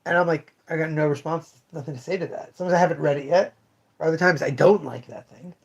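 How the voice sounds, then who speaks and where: A chatty shop owner hosting a live show, winding through customer stories with plenty of false starts and asides. The voice sits at an ordinary middle pitch, relaxed and unpolished. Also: fast, highs cut off. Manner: rambling anecdotal storytelling, many restarts. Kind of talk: casual livestream chat.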